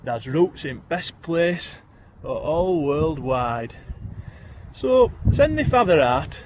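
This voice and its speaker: A man with a broad Yorkshire accent recites rhyming verse in a lilting, sing-song rhythm, his voice sitting a bit high for a man. A faint hiss of ambient noise runs under the recording. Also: sing-song, slow, darkish tone. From Yorkshire, England. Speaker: guest poet. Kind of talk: reciting rhyming dialect poems.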